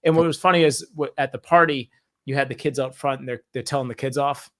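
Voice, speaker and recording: A man co-hosting a horror movie review podcast in casual chat, animated and swearing freely. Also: medium pitch, fast. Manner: animated, swears freely, acts out silly voices. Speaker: podcast co-host.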